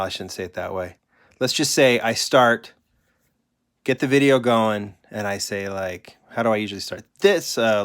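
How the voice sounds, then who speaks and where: A man hosting a live stream, chatting casually and rambling in a candid, joking way. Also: fairly low pitch. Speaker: host.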